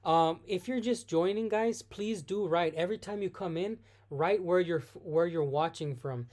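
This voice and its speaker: A voice hosting a live stream in a loose, casual Q&A. They read out questions from the chat and answer on the spot. Their answers are full of restarts and quick self-corrections. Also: mid-range voice, darkish tone. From United States.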